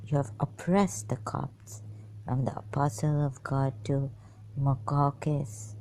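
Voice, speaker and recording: A woman's voice: very deep voice, steady tone, slow pace, gravelly, dark tone, slight background noise, poor audio. A woman reading historical texts aloud and commenting on them, musing and hesitant, stopping to puzzle over words and dropping some to a whisper. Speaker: channel host.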